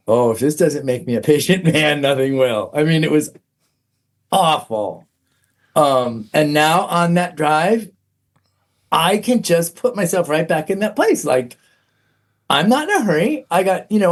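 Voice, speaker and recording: A man's voice: a little high, animated, a little slow. A middle-aged man, a podcast guest, telling a personal story candidly, frank and self-mocking, with plenty of "um"s.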